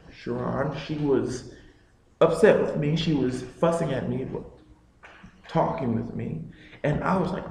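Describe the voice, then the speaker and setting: Slow, rambling young man in an echoey room. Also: mid-range voice, gravelly, mellow, slight background noise. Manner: rambling, full of "you know" fillers. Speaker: storyteller. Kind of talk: casual personal storytelling. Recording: echoey room with faint ambience.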